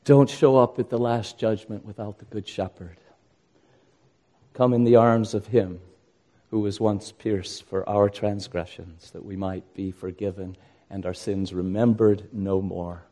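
A man's voice: fairly low pitch, fairly even intonation, unhurried, dark tone. An older man preaching a sermon as pastor, earnest and rising to impassioned emphasis.

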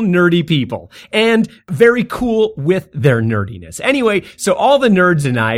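A podcast host telling a story in a casual, animated way, laughing often, his voice jumping up when he gets excited. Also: sits high, normal speed, hardly any pauses.

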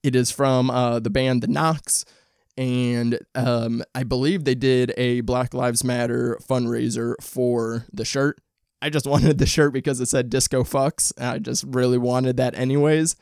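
Gravelly, dry-throated male podcast host. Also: medium pitch, level tone, measured pace, a little mellow, dry recording. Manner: rambling, candid and profane, with frequent restarts. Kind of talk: casual solo podcast chat.

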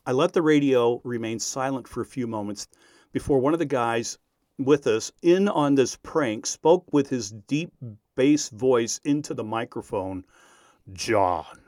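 A man recounting a personal story in an animated, self-deprecating way. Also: medium pitch, measured pace, dry recording, studio quality. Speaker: radio speaker.

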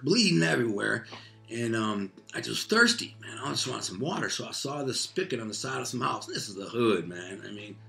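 A man's voice: medium pitch, creaky, bright, forceful tone. A man casually telling a personal story in loose, profane street talk, full of fillers like "man" and "like.".

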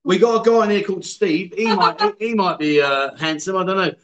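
A man's voice: high voice, brisk, fairly bright tone, dull audio. Man in his fifties, livestream host, casual chat, teasing, reads out comments. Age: 50s. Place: indoors, lounge.

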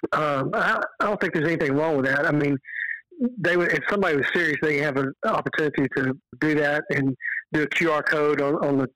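A man from Texas with a Texan accent, a podcast guest telling stories in an earnest, animated way. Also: a little high, dry recording, rough recording. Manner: earnest, animated storyteller who quotes dialogue. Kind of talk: casual storytelling on a podcast.

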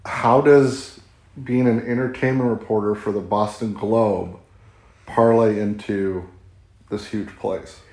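Measured male interviewer, roomy sound. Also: on the low side, fairly even intonation, darkish tone. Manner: measured, sets up questions with background. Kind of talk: interview questions. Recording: roomy echo.

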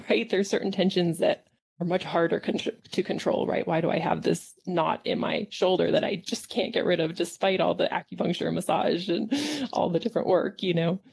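A woman's voice: fairly low pitch, steady tone, moderate pace, gravelly, a little mellow, a little hiss or hum. A woman acupuncturist in casual conversation, reflective and upbeat, often laughing as she talks.

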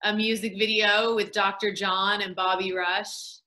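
Woman, director, bright voice, upbeat chat, video call. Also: medium pitch, little pitch movement, a little slow, reverberant, poor audio. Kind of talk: casual chat.

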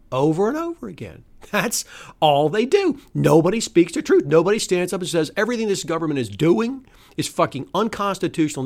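A podcast host ranting alone about politics, cursing freely, scoffing and laughing, sometimes sinking into a tired murmur. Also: mid-range voice. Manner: heated, profane ranting; scoffing laughs and exasperated sighs. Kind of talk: solo political rant podcast.

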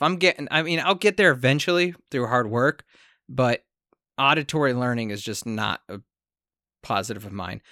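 A man hosts a casual podcast chat as the game master. His talk rambles, and he often makes fun of himself. His voice is bright and forceful, with a dry, close sound. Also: medium pitch, no echo. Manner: rambling, self-deprecating.

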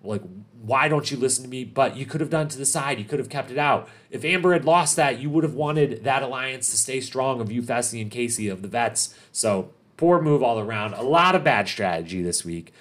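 Man, podcast host, mid-pitched, emphatic casual recap delivery that hammers each point. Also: fairly quick, few pauses. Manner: animated, emphatic, repeats points for stress.

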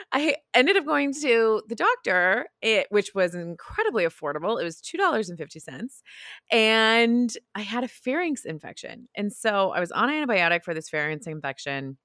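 A woman in her thirties hosts a podcast, sharing a personal story frankly and confessionally while laughing often. Her mid-range voice has a fairly bright tone, captured in clean studio sound with no room echo.

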